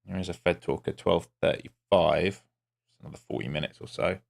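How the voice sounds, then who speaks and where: A man's voice: low-pitched, normal speed, vocal fry. A man streaming live as a day trader, giving casual, wry commentary with muttered asides to his viewers.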